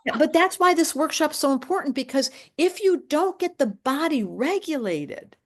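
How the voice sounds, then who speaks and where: A woman in her late sixties, talking in a casual chat as an astrologer, animated and emphatic, often breaking off and restarting her sentences. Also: sits high, normal speed. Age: 60s.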